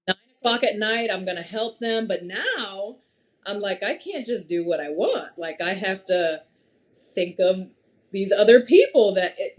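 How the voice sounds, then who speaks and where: A young adult woman chatting as a podcast guest, animated and laughing often as she talks. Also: medium pitch. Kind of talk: casual conversation.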